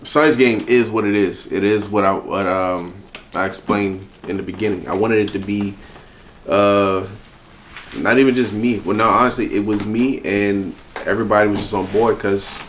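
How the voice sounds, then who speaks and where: A man with a fairly low voice talks through his story in a relaxed interview. He is earnest and thoughtful, restarting sentences as he finds the words. Faint room ambience sits under his voice. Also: moderate pace, a little hiss or hum. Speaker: interview guest, event organizer. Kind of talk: casual interview talk.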